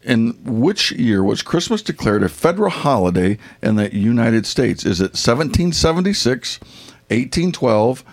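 Quiz host: American man, Northern US accent, gravelly husky voice, jokey and easily tickled. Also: mid-range voice, big pitch swings, moderate pace. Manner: jokey, laughs often, stumbles over questions. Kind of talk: casual Christmas trivia quiz.

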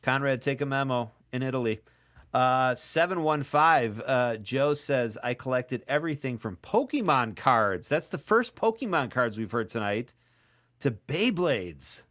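A man's voice: mid-range voice, lively intonation, measured pace, fairly bright tone. A man hosting a casual call-in radio show, chatting and joking as he reads listener texts aloud.

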